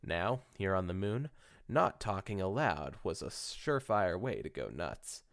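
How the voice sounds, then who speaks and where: A man's voice: low voice, very animated, a little slow, gravelly. A man hosting a podcast, reading fan fiction aloud with casual joking asides, stumbling and correcting himself as he goes. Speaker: podcast host.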